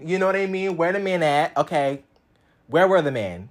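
A young man talking through his own story in a casual, sassy monologue. He swears freely and swings between loud outbursts and low mutters. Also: expressive, fairly quick.

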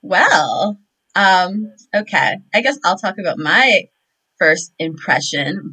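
A woman's voice: fairly low pitch, lively intonation, slow, sharp tone, husky, rough recording. A young American woman co-hosting a podcast, talking casually with plenty of fillers. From United States. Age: young adult. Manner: chatty, lots of fillers. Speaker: podcast co-host. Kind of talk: casual chat.

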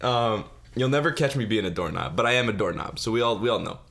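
Young male solo podcaster, lowish voice, silly self-mocking rambler, desk mic. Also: animated, quick pace, creaky, a bit bright. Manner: goofy, self-mocking, laughs at own jokes; mock-sobbing bit, put-on crying. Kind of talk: rambling solo comedy chat.

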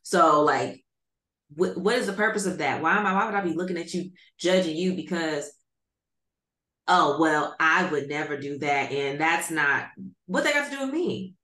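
A woman's voice: on the low side, animated, moderate pace, a bit bright. Blunt woman on an echoey podcast. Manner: blunt, opinionated. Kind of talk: casual chat. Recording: echoey room.

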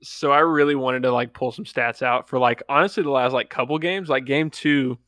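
A man's voice: medium pitch, normal speed, sharp tone, no room sound, clean studio sound. A man co-hosting a casual podcast who reads out statistics with plenty of likes and hedges. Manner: hedging, filler-heavy, reads out stats. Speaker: podcast co-host. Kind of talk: casual chat.

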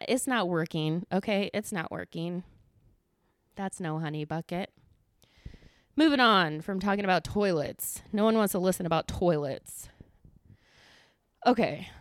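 A woman hosting a casual solo podcast, ranting in an animated, exasperated way with lots of filler words. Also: fairly low pitch, a little slow, long pauses, no echo. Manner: animated, exasperated, lots of "like", swings loud and soft. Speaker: podcast host.

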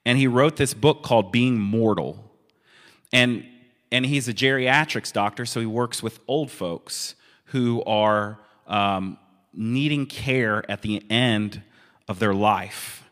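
A man preaching a sermon in a relaxed, conversational way, with amused asides. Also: fairly low pitch, slow. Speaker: pastor. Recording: long reverb of a hall.

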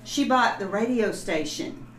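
A woman's voice: mid-range voice, expressive, measured pace, roomy sound, crowd noise, poor audio. A woman who is a podcast guest, chatting casually in a giggly, teasing way. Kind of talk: casual chat.

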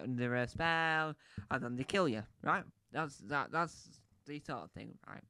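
A man's voice: mid-range voice, a little slow, pushed and bright, smooth. A man giving a casual, rambling film review on a podcast, chatty, with many restarts and asides.

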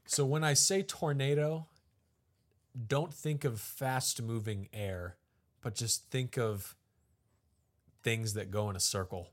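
A man's voice: medium pitch, slow, pauses often. A young man co-hosting a podcast, chatting casually through a guessing game and laughing often at himself. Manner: laughs often, self-mocking. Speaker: podcast co-host.

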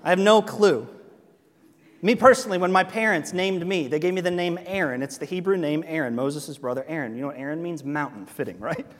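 High-voiced preacher in an echoing hall. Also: male voice, fast, few pauses. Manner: animated, conversational preaching with laughs and asides. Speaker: pastor. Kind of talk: sermon. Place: church sanctuary. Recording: long reverb of a large hall.

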